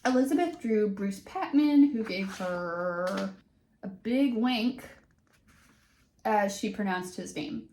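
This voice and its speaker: A woman's voice: mid-range voice, expressive, slow pace, darkish tone, a little hiss or hum. Young woman, casual book reader, dry sarcastic commentary, room echo. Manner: wry, sarcastic asides. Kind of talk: reading a teen novel aloud with commentary. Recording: roomy echo.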